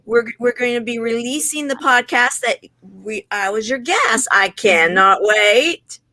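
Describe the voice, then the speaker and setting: A woman's voice: fairly high pitch, expressive, measured pace, bright, forceful tone, dry recording. A woman hosting a talk show, asking long, rambling questions with enthusiasm. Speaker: host.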